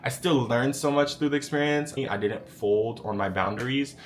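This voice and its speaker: A young man telling a story to camera in a sassy, animated, profane way. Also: medium pitch, normal speed, slight background noise. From United States. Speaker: vlogger.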